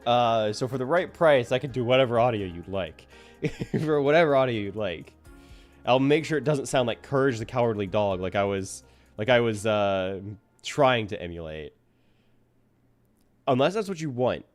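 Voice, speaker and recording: A man's voice: medium pitch, animated, normal speed, faint music behind. A man chatting casually to his viewers at the end of a stream, rambling and self-deprecating.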